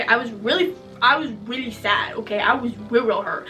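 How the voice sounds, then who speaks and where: A woman's voice: high voice, moderate pace, bright, forceful tone, distant mic, soft background music, low-quality recording. A young woman vlogger telling a story from her childhood in a chatty, joking way, often tagging lines with "okay?". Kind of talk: casual storytelling to viewers.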